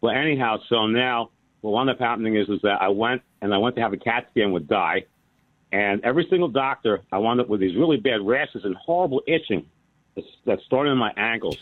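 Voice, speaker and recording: A man's voice: fairly low pitch, lively intonation, brisk, dry recording. A man in his sixties calling in to a radio talk show, telling a long, rambling story with many restarts. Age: 60s. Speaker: caller. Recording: phone line.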